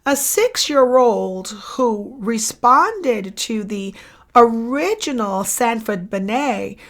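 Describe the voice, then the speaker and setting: A woman's voice: on the high side, lively intonation, slow pace. A woman lecturer going over exam questions, repeating each question and answer and checking in with the listener as she goes. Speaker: psychology lecturer. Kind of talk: exam review lesson.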